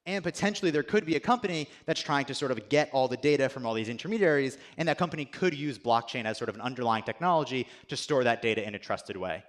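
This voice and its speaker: A young man, a software engineer, giving a casual, chatty conference presentation with lots of "like" and self-deprecating asides. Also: mid-range voice, expressive, fast, hardly any pauses. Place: conference stage.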